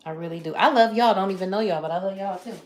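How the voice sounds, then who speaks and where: A woman's voice: mid-range voice, fast talker. Chatty woman cooking live in an echoey kitchen. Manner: chatty, greets viewers by name, talks through each step. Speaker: livestream cooking host. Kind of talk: casual cook-along live chat. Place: home kitchen. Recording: roomy kitchen echo. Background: clatter of dishes and pans.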